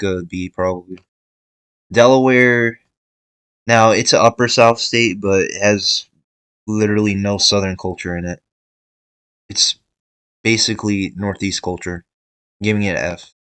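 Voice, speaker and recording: Young guy talking thru a tier list, kinda low voice, dry mic, lots of um like I'd say. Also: fairly bright tone, smooth, dry recording, rough recording. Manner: hesitant, thinking aloud with fillers and restarts. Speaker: video creator ranking states. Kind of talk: casual tier-list commentary.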